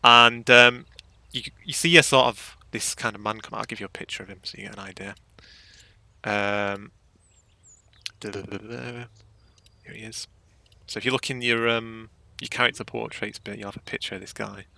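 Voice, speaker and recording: Bright-voiced rambling game master. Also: male voice, fairly low pitch, steady tone, normal speed, gravelly. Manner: rambling, filler-heavy, casual description. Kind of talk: narrating a tabletop game.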